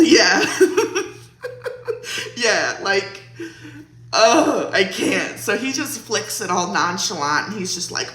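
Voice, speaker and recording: A woman's voice: lowish voice, big pitch swings, slow, fairly bright tone. A young woman vlogger casually telling a storytime, chatty and laughing, with lots of "like". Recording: roomy echo.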